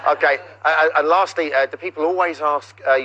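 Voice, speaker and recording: A man's voice: a little high, fairly even intonation, a little fast, pushed and bright, highs cut off, slight background noise. A man hosting a TV show, teasing his guest in a theatrical, playful way. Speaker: TV host. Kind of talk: playful studio presenting.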